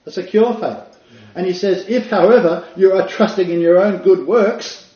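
A man's voice: sits high, dark tone. Emphatic man teaching in a roomy space. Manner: emphatic, repeats key words, reads quotes slowly. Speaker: Bible teacher. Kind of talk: teaching talk, reading quotes aloud. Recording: roomy, slightly dull sound.

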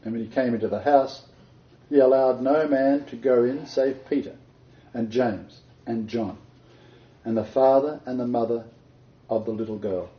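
A man's voice: medium pitch, normal speed. A man leading an interactive Bible study, quizzing his group and laughing often. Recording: roomy dull lo-fi recording.

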